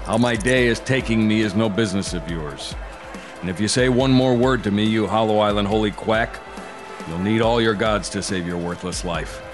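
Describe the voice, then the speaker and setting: An actor playing a sly, short-tempered infiltrator who can turn smoothly deceptive. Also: male voice, fairly low pitch, normal speed, music in the background, natural voice. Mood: hostile. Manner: curt, then smoothly deceptive.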